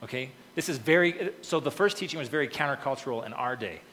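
A male pastor preaches in a casual, talky way, breaking up his scripture reading with quick "okay" asides. His voice sits at an ordinary middle pitch. The sound carries a long reverb tail from a church hall, with a faint hum of room ambience behind it. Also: lively intonation, a bit bright. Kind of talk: sermon.

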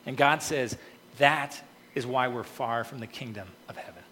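A male pastor preaches in a casual, talky way, breaking up his scripture reading with quick "okay" asides. His voice sits at an ordinary middle pitch. The sound carries a long reverb tail from a church hall, with a faint hum of room ambience behind it. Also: bright, forceful tone. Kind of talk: sermon.

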